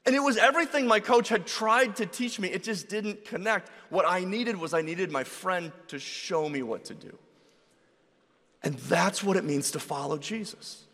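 A man preaching a sermon in a relaxed, conversational storytelling way, acting out the voices of people in his stories. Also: high voice, moderate pace. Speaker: pastor. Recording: reverberant hall.

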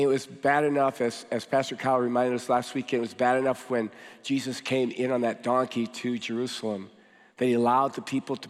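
A man with a cold, his voice deeper than usual, giving a sermon as pastor to his church with casual joking asides. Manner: joking, conversational preaching with fillers. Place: large church hall. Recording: long hall reverb.

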